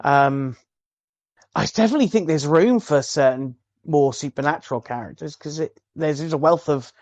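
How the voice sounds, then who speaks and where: A man co-hosting a gaming podcast, talking in a hesitant, halting way. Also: a little high, darkish tone, no room sound. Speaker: podcast co-host. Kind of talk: casual chat.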